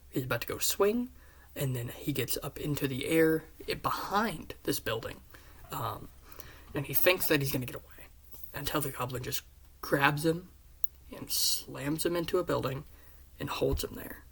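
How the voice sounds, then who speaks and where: A fan pitching a series earnestly retells the scenes of a story he wrote, frequently slipping into hushed half-whispers. He talks at a normal speed in a slightly rough voice.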